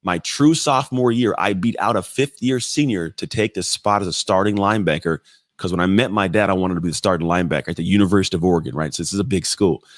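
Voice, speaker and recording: A man in his thirties, a podcast guest, telling personal stories in an animated, blunt way with casual swearing. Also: low-pitched, quick pace, no echo, studio quality. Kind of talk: casual storytelling in conversation.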